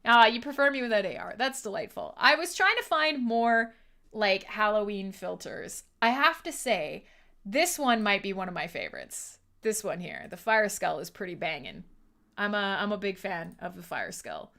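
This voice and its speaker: Bright, lively livestream host woman. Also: mid-range voice, moderate pace. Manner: playful, chatty, laughs often. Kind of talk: casual livestream chat.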